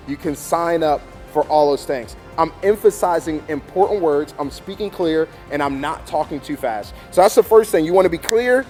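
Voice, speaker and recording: A man training student volunteers to host church services, emphatic and animated, often checking in with "okay?". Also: on the high side, moderate pace, few pauses, faint music behind. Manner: animated, emphatic, demonstrates with mock announcements. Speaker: youth ministry leader training hosts.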